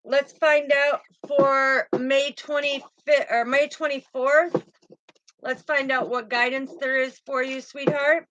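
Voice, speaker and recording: High bright-voiced woman tarot reader. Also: level tone, slow pace, highs cut off. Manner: soothing, calls viewers sweetheart and baby girl. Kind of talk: tarot reading for viewers.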